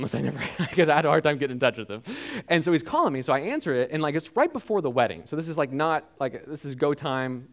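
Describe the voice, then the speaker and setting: Animated conversational preacher man. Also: mid-range voice. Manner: conversational, animated, frequent filler words. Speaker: pastor. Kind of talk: sermon.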